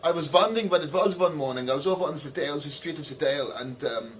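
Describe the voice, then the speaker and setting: Comedic host, man with a somewhat high voice, rambling, pompous mock sincerity, faint noise behind. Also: fast talker. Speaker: comedy video host reading letters. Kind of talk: mock-earnest comedic letter answering.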